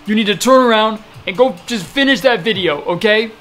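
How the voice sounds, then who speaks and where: Brief: a man voicing a frantic future self, raised pitch, urgent and pushy. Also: brisk, noisy background, natural voice.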